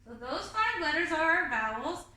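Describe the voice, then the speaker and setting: High-voiced lady teacher doing a kindergarten class, slow and sing-songy, kinda far from the mic. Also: very animated, sharp tone. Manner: patient, sing-song teacher talk. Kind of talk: online kindergarten lesson with singing. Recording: very echoey room, off-mic.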